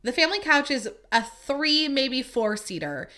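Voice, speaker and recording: A young woman with a bright, sharp-edged voice hosts her own podcast, rambling through a story in casual chat. She talks in a chatty, lively way, with plenty of "like" and the occasional swear word. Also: sits high, unhurried. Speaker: podcast host.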